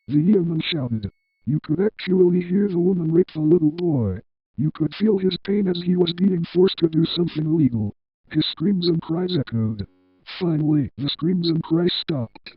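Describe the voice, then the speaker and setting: A man's voice: fairly high pitch, a little slow, husky, no echo, muffled recording. Robotic text-to-speech male narrator. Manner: flat, evenly paced synthetic reading. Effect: synthetic text-to-speech voice. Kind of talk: scripted horror story narration.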